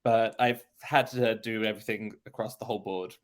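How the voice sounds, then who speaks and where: A man's voice: fairly low pitch, fairly even intonation, a little fast. English man, friendly accent coach. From England. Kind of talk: interview guest, explaining.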